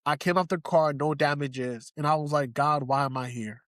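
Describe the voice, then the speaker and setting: A young man from Haiti speaks as a podcast guest. His voice sits a little high and is recorded close and dry. He tells his story earnestly and repeats phrases for emphasis. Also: fairly even intonation, normal speed, dry recording. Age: young adult. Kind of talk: emotional personal testimony.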